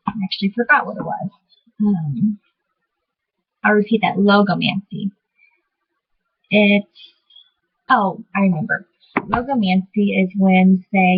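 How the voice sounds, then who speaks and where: A woman's voice: mid-range voice, slightly rough, phone-quality sound. A woman explaining spiritual practices to her viewers in a casual, rambling way, full of fillers and self-corrections. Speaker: vlogger teaching divination. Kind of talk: casual explanatory talk to camera.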